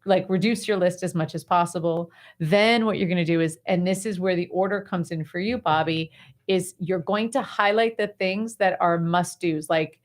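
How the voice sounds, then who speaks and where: Chatty woman host coaching, lower voice. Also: normal speed. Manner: animated, chatty explaining with many fillers. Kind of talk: casual coaching talk.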